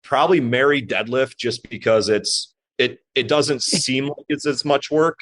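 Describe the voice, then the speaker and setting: A man's voice: mid-range voice, a little slow, a bit bright. A man chatting casually as a podcast guest, hesitant and rambling with many restarts. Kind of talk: casual chat.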